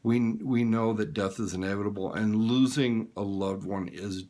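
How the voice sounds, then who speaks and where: A man's voice: on the low side, steady tone, normal speed, a little mellow. A man giving frank, plain-spoken advice on caring for dying relatives in an informal talk. He sounds tired late at night. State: tired and yawning. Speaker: hospice care advisor.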